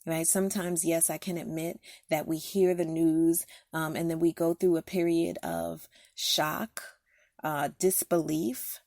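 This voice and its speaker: A woman's voice: low voice, flat delivery, measured pace, gravelly, darkish tone, no echo, clean studio sound. A middle-aged woman hosting a faith podcast, speaking candidly and personally in a casual monologue with frequent fillers. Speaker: podcast host giving encouragement.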